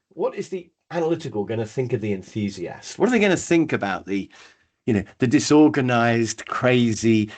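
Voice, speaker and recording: A man, running a live online training workshop, chatty and lively, calling on attendees by name. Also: medium pitch, husky. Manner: lively, chatty, acts out brief voices, addresses attendees by name.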